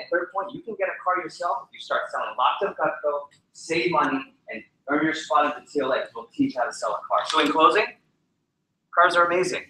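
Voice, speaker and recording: Coaching a room in public speaking, this man delivers a training seminar talk with lots of energy, firing questions at his audience. His bright, forceful voice is a little high and bounces around the indoor training room, where faint ambience and a little hiss or hum can be heard.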